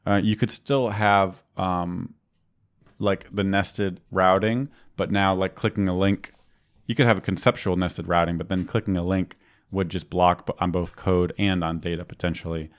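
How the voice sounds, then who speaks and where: A man with a low voice chats casually as a podcast co-host. He rambles through his points, leaning heavily on fillers and restarting sentences as he goes. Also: steady tone, normal speed, clear, resonant tone. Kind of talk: casual technical chat.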